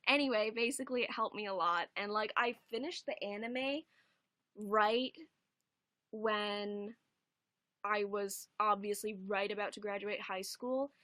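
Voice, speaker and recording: A woman's voice: mid-range voice, measured pace, sharp tone, no room sound. Chatty young woman on a livestream. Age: young adult. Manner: rambling, casual swearing, chatty asides. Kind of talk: casual livestream chat.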